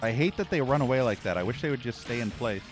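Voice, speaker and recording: A man's voice: medium pitch, expressive, quick pace, music in the background. A man doing let's play commentary, ranting at the game with a profane, exasperated edge. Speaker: gaming channel host.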